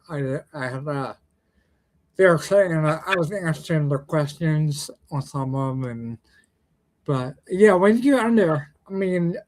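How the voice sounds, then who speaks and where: A podcast host in casual chat, stumbling and repeating words. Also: mid-range voice.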